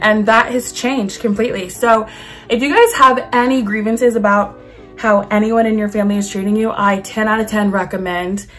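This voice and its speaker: Chatty young woman podcast host. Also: mid-range voice. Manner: chatty, animated, lots of "like" fillers. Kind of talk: casual chat to camera. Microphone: camera mic.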